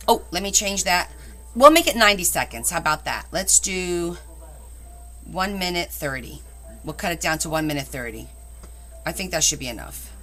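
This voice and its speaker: A cheerful woman hosts a live online auction, announcing bids and laughing between them. Her voice is crisp and bright, and she talks in a chatty, friendly way, recorded on a phone. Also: lowish voice. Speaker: host selling scrapbooks in a live auction.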